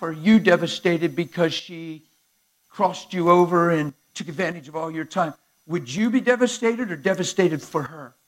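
A man preaching a sermon to a live congregation in an animated, conversational way, acting out dialogue as he goes. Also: high-pitched. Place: church sanctuary before a live crowd.

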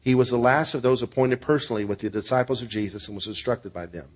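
A male pastor delivers a sermon, earnest and steady as he tells stories to his congregation. His voice sits at an ordinary middle pitch, and he moves from storytelling into prayer. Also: quick pace.

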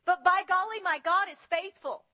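A woman preaching a sermon in an animated way, acting out the voices she quotes. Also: very high voice, normal speed, dull audio.

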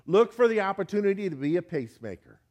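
A man's voice: sits high, sing-song, quick pace, darkish tone. A man preaching a sermon, folksy and emphatic, urging listeners with direct questions.

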